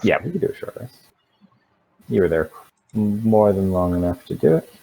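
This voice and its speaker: A man running a tabletop game as dungeon master, narrating in a relaxed, rambling way. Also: on the low side, moderate pace, vocal fry, rough recording.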